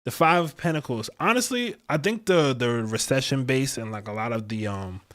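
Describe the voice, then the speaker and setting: A man's voice: medium pitch, expressive, normal speed, a bit bright. A man giving a casual livestream astrology and tarot reading, rambling and chatty with lots of slang.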